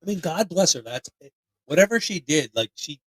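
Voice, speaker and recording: A man from the area, hosting a casual podcast chat in a profane, rambling, animated way. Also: fairly high pitch, moderate pace, no echo, poor audio. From Philadelphia area, US. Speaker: podcast host.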